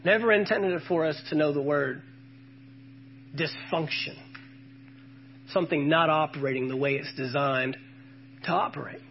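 A man's voice: a little high, normal speed, long pauses, lo-fi sound, slight background noise. A man preaching a sermon, quoting scripture with emphasis and calling out questions to the congregation.

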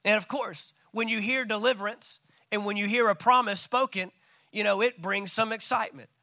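A man's voice: high voice, fairly even intonation, normal speed, bright, forceful tone, dry recording. A man preaching a sermon as pastor, calling out to his congregation. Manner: preaching with call-outs.

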